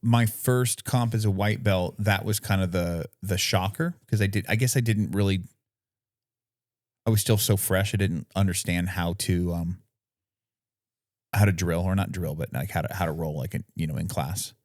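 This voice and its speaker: Man, low voice, dry close sound, podcast co-host, long explanations, searches for words, casual chat. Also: normal speed, darkish tone, no echo. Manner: frequent "you know what I mean".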